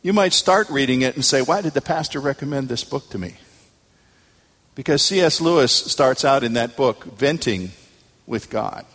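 A man's voice: medium pitch, moderate pace, a bit bright. Man, pastor, sermon, dramatic storytelling, emphatic peaks, long reverb.

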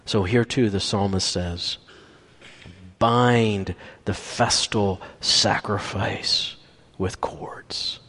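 A man's voice: lowish voice, steady tone, very slow, fairly bright tone. A man preaching a sermon, building emphasis through repeated phrases, then dropping to near-whispers on key words. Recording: long reverb from a large hall.

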